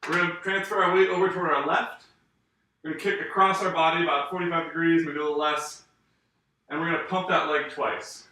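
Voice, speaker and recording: A man's voice: on the high side, lively intonation, quick pace, pushed and bright. A man teaching a live online dance lesson, explaining moves and counting the beats aloud while he demonstrates. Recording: very echoey room, mic far off.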